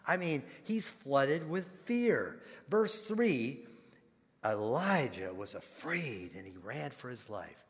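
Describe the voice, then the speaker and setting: An older man preaching a sermon in an animated storytelling manner, repeating words and breaking into sudden loud bursts. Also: medium pitch, takes it slowly, in a large hall. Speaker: pastor.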